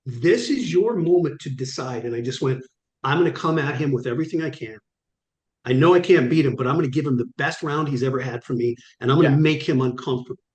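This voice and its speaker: A man's voice: medium pitch, fast, a little mellow. A middle-aged man, a guest on an interview show, tells stories with energy and acts out the dialogue in them. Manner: vivid, acts out quoted dialogue. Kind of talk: animated storytelling. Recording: echoey room.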